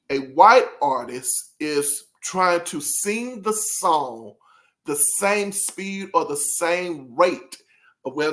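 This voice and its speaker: His voice is a little high with a fairly bright tone as he hosts a relaxed album review. The music reviewer rambles and interrupts himself, laughing often and apologizing as he addresses viewers head-on.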